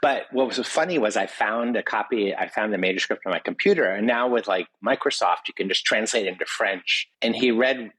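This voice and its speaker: A man's voice: on the low side, brisk, hardly any pauses, fairly bright tone, slightly rough, no echo, low-quality recording. A man talking as a guest in a casual interview, rambling through anecdotes with many "you know" asides. He is from the United States. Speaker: guest, food writer.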